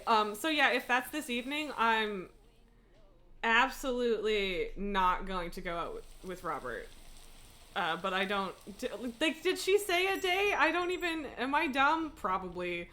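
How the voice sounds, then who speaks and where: A woman's voice: mid-range voice, lively intonation, a little slow, bright, forceful tone. A young woman streaming a game, chatting casually, giggling and swearing freely. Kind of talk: casual live-stream commentary.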